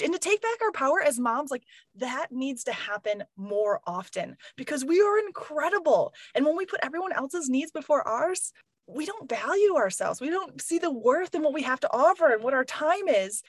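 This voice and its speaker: A woman in her thirties talks in a bright, high voice that leaps all over its range. She chats animatedly, slips into quick impressions of others and laughs a lot, recorded close and dry. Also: no room sound. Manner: animated, acts out quoted voices, laughs often. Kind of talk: casual chat.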